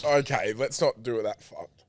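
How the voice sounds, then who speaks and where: A man on a casual podcast throws in short reactions, swears and quips. His voice has an ordinary middle pitch. The recording is close and dry. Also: moderate pace, no echo. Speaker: podcast co-host. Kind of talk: casual chat.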